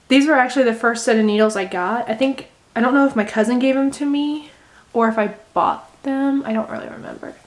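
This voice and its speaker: A young woman talks through a craft project in a loose, rambling way, full of little fillers and asides. Her voice sits a touch high, and her tone stays gentle and easygoing. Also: fairly quick, few pauses. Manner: rambling, gentle, thinks aloud with many fillers. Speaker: crochet vlogger. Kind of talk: casual how-to chat while unraveling knitting.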